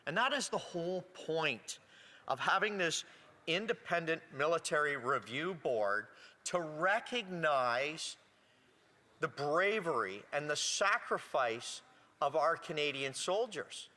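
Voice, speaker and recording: A man, a member of parliament, giving a speech in a legislative chamber, halting and repeating words as he searches for them. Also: on the high side, expressive, sharp tone. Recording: long reverb of a large chamber.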